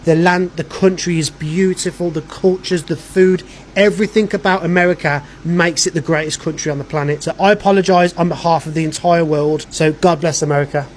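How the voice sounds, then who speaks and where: A man's voice: fairly high pitch, fairly even intonation, a little fast. A man giving an earnest, declamatory address to camera. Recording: faint background noise.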